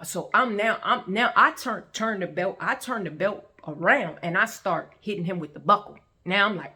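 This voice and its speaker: A woman with a lower-pitched voice recounts a painful family story as a faith testimony. She talks in a loose, colloquial way and brings each moment to life with sudden jumps in pitch and volume. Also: normal speed. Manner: animated, colloquial, acts out scenes with sharp pitch jumps. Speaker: vlogger sharing a faith testimony. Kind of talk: emotional personal testimony storytelling.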